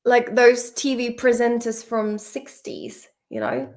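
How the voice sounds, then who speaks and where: A woman runs a relaxed vocabulary lesson, speaking at an unhurried pace in a slightly high voice with a gravelly edge. She is chatty and teasing, and she curses casually at the definitions she reads. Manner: chatty, playful, swears and teases the dictionary. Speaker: English vocabulary teacher.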